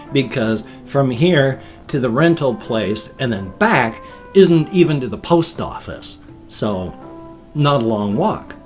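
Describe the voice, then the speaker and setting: An older man from the United States talks through his day in a loose, rambling vlog, laughing at himself along the way. His pitch swings up and down as he tells the story, sitting at an ordinary middle height. Quiet guitar music plays faintly behind him. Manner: rambling, self-deprecating, animated storytelling. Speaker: vlogger. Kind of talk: casual vlog chat.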